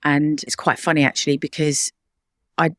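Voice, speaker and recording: A middle-aged woman from the UK, a charity founder telling stories in an interview, animated and quick to laugh. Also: low voice, no room sound, clean studio sound. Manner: animated, laughs often, acts out quoted voices. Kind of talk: conversational interview storytelling.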